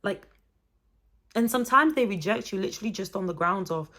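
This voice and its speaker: A young woman in her twenties talking to camera in a chatty, expressive vlog with motivational, faith-based encouragement. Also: medium pitch, fairly quick. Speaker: vlogger.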